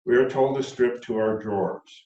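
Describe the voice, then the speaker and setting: A man, the author, reading his own novel aloud calmly and unhurriedly, with brief asides. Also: medium pitch, moderate pace. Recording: roomy, dull sound from far off.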